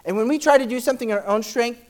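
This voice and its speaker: A man preaching a church sermon and reading scripture aloud, talking fast and excitedly, often repeating words as he presses on. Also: very high-pitched.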